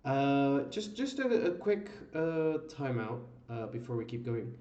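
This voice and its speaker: A man's voice: medium pitch, sing-song, warm tone, reverberant, highs cut off. A man running a tabletop game, explaining rules with many fillers and restarts. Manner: halting, full of fillers. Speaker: game master. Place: online voice call.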